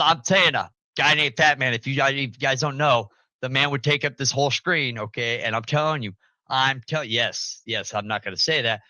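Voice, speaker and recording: A man's voice: no room sound, poor audio. A young man hosting a casual talk, telling family stories with lots of energy and frequent laughs. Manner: animated storyteller, jumps into loud high-pitched quoted voices, laughs often. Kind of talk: casual storytelling.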